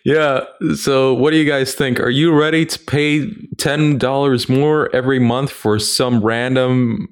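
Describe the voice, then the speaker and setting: A man co-hosting a casual chat, animated and jokey, rambling and putting on mock voices. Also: mid-range voice, measured pace, hardly any pauses, smooth. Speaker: podcast co-host.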